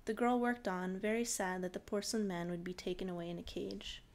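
A woman reading a short story aloud at home, relaxed and unpolished. She keeps a middle pitch and an easygoing storyteller's delivery. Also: brisk. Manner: relaxed and informal, laughing off slips.

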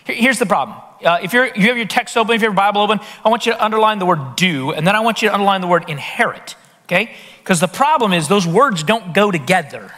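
A man preaching a sermon to a congregation in a lively way, often putting rhetorical questions to the room. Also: high-pitched, fast. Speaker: pastor. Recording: long reverb of a large hall.

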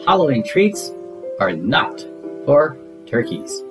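A man's voice: mid-range voice, very animated, slow pace. A man voicing a stern farm woman who firmly dismisses a trick, with guitar music behind. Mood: dismissive. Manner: firm, dismissive.

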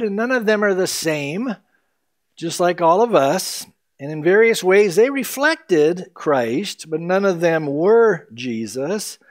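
A middle-aged male pastor giving a conversational, earnest sermon, teaching verse by verse. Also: a little high. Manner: earnest, conversational teaching with emphatic quoted lines.

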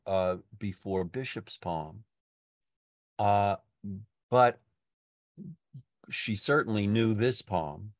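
Older man, poetry discussion leader, slow halting speech, low voice, dry close sound. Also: no echo. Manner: halting, many restarts and fillers. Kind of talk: casual literary discussion.

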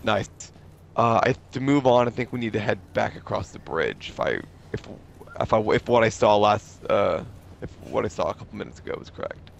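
A man talking hoarsely through a sore throat, chatting in halting bits while playing a video game with a friend. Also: fairly low pitch, expressive, dull audio, a little hiss or hum. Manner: halting, restarts words, laughs often. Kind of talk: casual gameplay chat.

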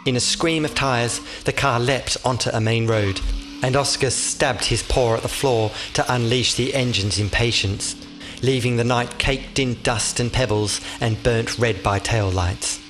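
A man giving scripted audiobook narration in a measured, vivid storytelling manner. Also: medium pitch, music in the background.

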